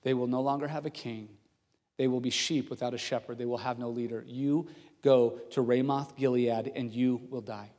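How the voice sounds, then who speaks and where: A man's voice: medium pitch, steady tone, unhurried, mellow, voice pushed down, natural voice. A man preaching who voices a bold male prophet speaking to a king. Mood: grave. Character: sarcastic male prophet, then grave and solemn.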